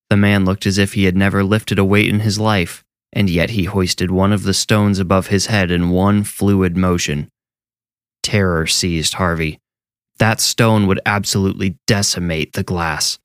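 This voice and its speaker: A man narrating a horror story in a measured, steady storytelling voice. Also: low voice, smooth, dry recording, clean studio sound. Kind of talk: scripted narration.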